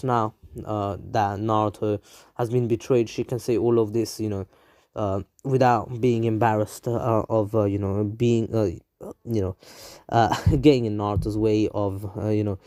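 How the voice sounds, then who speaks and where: A man's voice: fairly low pitch, steady tone, moderate pace, dark tone, no room sound, clean studio sound. A man casually narrating a fan story, rambling with many fillers and restarts.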